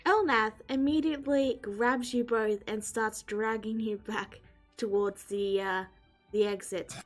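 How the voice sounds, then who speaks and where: A woman game master narrating a tabletop game, descriptive and pausing to search for words. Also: a little high, steady tone, soft background music.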